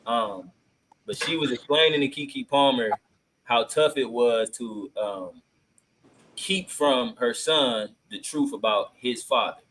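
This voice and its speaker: A man's voice: mid-range voice, slow, a bit bright, rough recording. A man hosting a podcast in casual chat, laid-back and slangy with many filler ums, reacting to clips. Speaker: podcast host.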